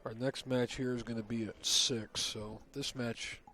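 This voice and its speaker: A man giving low, calm play-by-play commentary on a pool match, recorded in a casino event hall. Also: a little slow.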